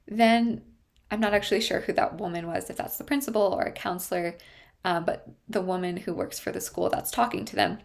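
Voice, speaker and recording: A woman therapist talks through a TV drama with earnest emphasis and a steady mid-range pitch. Her voice carries a noticeable gravelly fry. She leans on key words and slows down to stress them. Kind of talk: explanatory commentary on a TV show.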